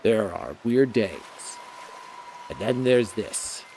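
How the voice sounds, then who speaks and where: A man's voice: lowish voice, lively intonation, slow, dark tone, slight background noise. A male streamer reads a dating game aloud, commenting playfully and trying out character voices. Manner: playful, laughs at his own jokes, tries out character voices. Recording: game music behind voice.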